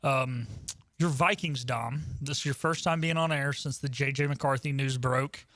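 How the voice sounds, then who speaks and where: A man's voice: mid-range voice, steady tone, normal speed, fairly bright tone, dry recording, studio quality. Chatty young male sports radio host. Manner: chatty, with frequent ums and uhs. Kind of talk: casual sports talk radio.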